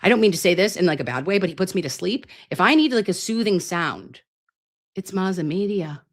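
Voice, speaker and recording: A woman in her late thirties hosts a casual live stream with a low voice. She talks in a rambling, playful way and swears freely. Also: expressive, brisk. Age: 30s. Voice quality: self-described grating voice. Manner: chatty, rambling, playful and crude. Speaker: livestream host. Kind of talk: casual livestream chat. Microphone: computer mic on a live stream.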